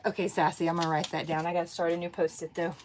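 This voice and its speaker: A woman's voice: on the low side, little pitch movement, rapid-fire, slight background noise. A woman, hosting a casual craft livestream, bubbly, laughing often and greeting viewers by name. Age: 40s.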